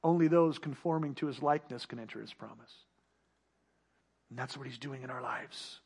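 A pastor delivering a sermon, building emphatic rhetorical questions and repeated refrains. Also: male voice, mid-range voice, normal speed, vocal fry, darkish tone, breathy edge. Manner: emphatic preaching.

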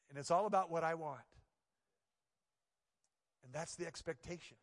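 A pastor preaching in a reverberant hall, his voice sitting a little high for a man. He keeps it chatty and playful, then sinks into hushed, earnest passages. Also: normal speed, long pauses. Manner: conversational and playful, dropping to quiet earnest tones. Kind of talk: sermon.

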